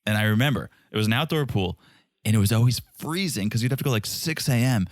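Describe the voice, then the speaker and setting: A man's voice: medium pitch, fast talker, dry recording, clean studio sound. A man co-hosting a casual podcast chat, teasing his co-host and telling stories. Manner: teasing, animated storyteller.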